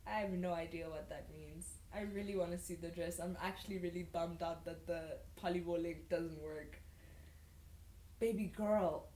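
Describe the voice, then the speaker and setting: A woman's voice: fairly low pitch, fairly even intonation, normal speed, hardly any pauses, a little mellow, a little hiss or hum. A young woman reading old fan fiction aloud with sarcastic, incredulous asides, in an echoey room. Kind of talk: mocking dramatic reading.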